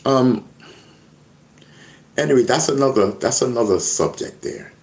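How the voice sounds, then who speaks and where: A man's voice: medium pitch, unhurried, a little mellow, rough recording. A man hosting hip hop news on a live stream, rambling, stumbling over repeated words and talking straight to his chat. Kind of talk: casual live-stream commentary.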